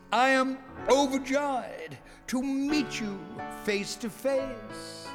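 A sneering king, sung by a man, taunts in a high, unhurried musical voice. The delivery is theatrical and mocking. It sits in a long hall reverb with instruments playing. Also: full character voice. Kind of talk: stage musical singing.

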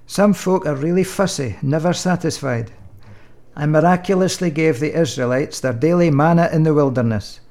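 A man playing God as a patient, fatherly deity in a comic sketch, dry and gently joking. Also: on the high side, moderate pace, lightly acted. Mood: exasperated.

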